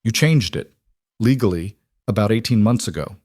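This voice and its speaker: A man playing a calm, watchful crime boss who speaks quietly with a northern Italian accent. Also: on the low side, normal speed, no echo, clean studio sound. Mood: cool. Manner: quiet, calm, nearly murmured.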